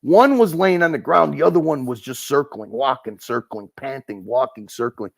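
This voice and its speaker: A man from Chicago's North Side with a Chicago accent, bantering on a livestream in a profane, animated way with stumbling restarts. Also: mid-range voice, moderate pace, vocal fry. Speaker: livestream regular.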